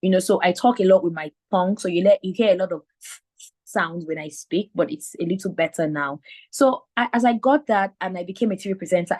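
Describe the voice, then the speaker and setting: Animated Nigerian woman with a slight lisp. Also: medium pitch. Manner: animated storyteller acting out quotes. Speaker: mentor. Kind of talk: live online mentoring talk. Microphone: video call.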